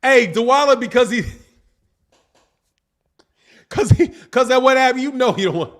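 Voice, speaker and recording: A man with a fairly high voice hosts a casual boxing live stream. He reads viewers' chat messages aloud, reacting in a loose, slangy and animated way. He laughs often and talks straight to his audience. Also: slow. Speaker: boxing channel host reading live chat.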